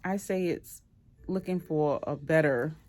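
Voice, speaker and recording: A woman in her forties with a Boston accent talks openly to camera for a casual vlog, blunt and lively, swearing freely. Her voice is deep and she speaks a little slowly.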